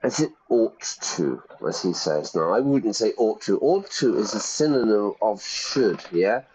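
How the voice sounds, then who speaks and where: A man's voice: on the low side, animated, measured pace, a little mellow, a little hiss or hum, rough recording. A man teaching English while streaming a game, chatty, explaining with examples and checking in with "yeah?".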